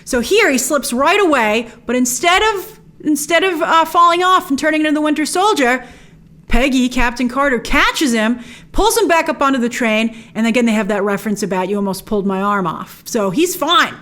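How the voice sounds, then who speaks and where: A woman's voice: high voice, expressive, moderate pace, a bit bright. A woman hosting an episode breakdown, narrating scenes with enthusiasm and playful quoted lines. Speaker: host.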